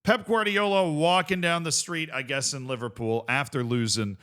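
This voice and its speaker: A young man hosting a casual video reaction show, talking in an animated, rambling way with swearing and bursts of laughter. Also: fairly high pitch, normal speed. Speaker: host.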